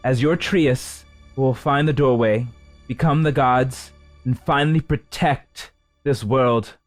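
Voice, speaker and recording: A man voicing a commanding woman who leads a council, proclaiming in a raised, forceful voice. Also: medium pitch, takes it slowly, no echo, soft background music, voice pushed up, lightly acted. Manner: proclaiming, rallying a crowd.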